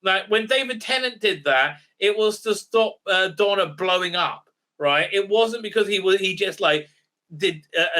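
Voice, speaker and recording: A sarcastic man recapping an episode in a loose rant. His voice is high and sharp-edged, and he rambles through fillers and keeps tossing in tag questions. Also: unhurried. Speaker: video reviewer. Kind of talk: ranting recap review.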